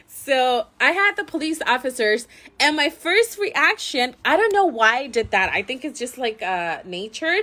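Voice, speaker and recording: A woman with a slightly high voice, vlogging as a mother. She tells her story casually to the camera, chatty and animated, with many fillers and plenty of laughter. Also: moderate pace.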